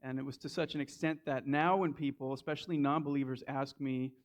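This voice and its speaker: A man's voice: medium pitch, fairly even intonation, a little fast, muffled recording. A man with a Southern US accent preaching a sermon in a conversational way, restarting and repeating words as he goes. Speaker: lay preacher. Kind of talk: sermon with a personal story.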